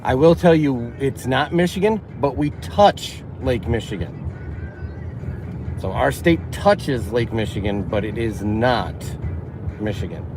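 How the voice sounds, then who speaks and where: A man's voice: medium pitch, animated, measured pace, over music, low-quality recording. A man hosting a casual livestream from his car, chatting and answering viewers' chat as he drives. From northern Illinois. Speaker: livestream host. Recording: car road noise behind.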